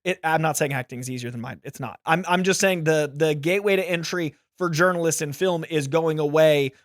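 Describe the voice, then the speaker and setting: High-voiced, earnest male podcast co-host. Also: brisk, no room sound, clean studio sound. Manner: earnest, stammering restarts. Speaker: podcast co-host, film journalist. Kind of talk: casual chat.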